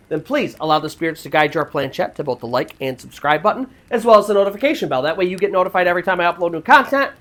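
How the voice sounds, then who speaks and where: A woman narrating a true paranormal story in a casual, chatty way, with many fillers like "like". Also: fairly low pitch. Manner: chatty retelling with frequent "like" fillers. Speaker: storyteller host.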